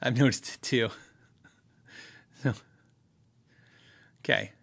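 A man hosting a casual live question-and-answer chat about guitars, rambling easily with fillers, restarts and quick laughs. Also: medium pitch, steady tone, gravelly, a bit bright, husky. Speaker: livestream host answering viewer questions on guitars.

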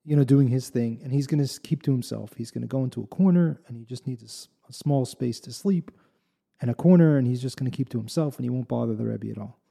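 A man's voice: mid-range voice, quick pace, creaky, dark tone, slightly rough. A man voicing a humble, eager male innkeeper who pleads and stammers. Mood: pleading.

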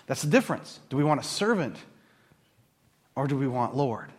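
A man's voice: mid-range voice, moderate pace. A man preaching a sermon as a pastor, talking casually and acting out the voices of the people in his story. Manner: animated, acts out quoted voices.

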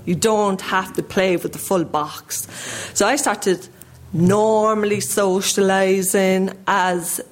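A woman's voice: mid-range voice, fairly even intonation, slow. Irish woman giving a shaky church testimony. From Ireland. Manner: earnest, conversational, with many restarts. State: voice shaky with emotion.

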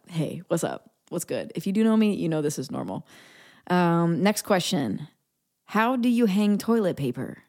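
A woman's voice: on the low side, darkish tone. A woman in her thirties hosting a casual solo podcast, talking playfully, laughing often and dropping into whispered asides. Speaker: podcast host.

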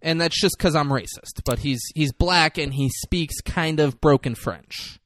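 A man's voice: fairly high pitch, measured pace, fairly bright tone, no room sound, studio quality. A young man co-hosting a casual, profane movie recap podcast, rambling and joking. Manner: rambling, joking, swears often. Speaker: podcast co-host.

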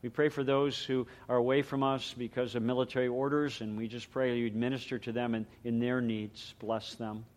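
Earnest middle-aged pastor preaching. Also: male voice, mid-range voice, flat delivery, moderate pace, few pauses. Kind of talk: sermon with prayer.

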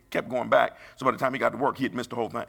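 A middle-aged man preaching a sermon, emphatic and rising into high bursts. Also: level tone, racing, gravelly, pushed and bright, slightly rough.

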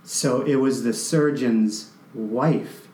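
A man from Canada recounts a deeply personal story, his voice halting and full of restarts as emotion comes through. His pitch sits in the middle range. The recording has a noticeably echoey room sound. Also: darkish tone.

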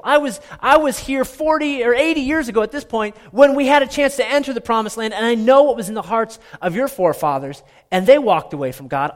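Pastor playing a stern old leader, earnest and pleading, voice raised a little. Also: male voice, sits high, in a large hall, voice pushed up.

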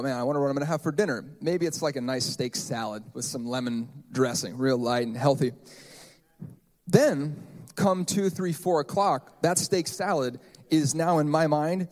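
A man's voice: on the high side, a little mellow. A man in his thirties preaching a sermon in a church, conversational and joking, with playful asides. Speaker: pastor.

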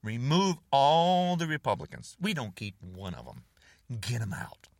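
A man's voice: medium pitch, huge pitch swings, a little slow, gravelly, no room sound, distant mic. An older American man delivering an angry, repetitive rant straight to camera, hammering short phrases and insults. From United States. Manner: furious, repetitive, name-calling, jabbing phrases. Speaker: online video host.

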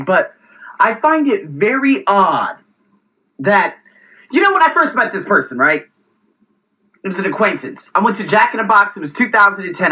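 Male vlog host in his 30s from the US, casual exasperated storyteller with a bright, sharp voice. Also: on the high side, low-quality recording. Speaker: show host.

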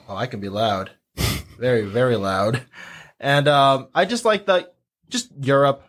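A man hosting a podcast panel, animated and jokey, laughing often. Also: mid-range voice, measured pace. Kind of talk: casual panel chat.

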